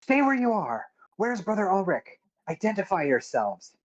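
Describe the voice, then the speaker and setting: A man's voice: medium pitch, unhurried, a little mellow, lo-fi sound, natural voice. A man voicing a stern woman captain of the town guard who barks orders. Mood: commanding.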